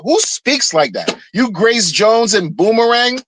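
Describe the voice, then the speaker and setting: Guy with a high voice on a mocking heated rant, keeps repeating himself, dry close mic. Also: expressive, unhurried, a bit bright, no room sound, low-quality recording. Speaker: streamer ranting commentary. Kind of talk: casual rant.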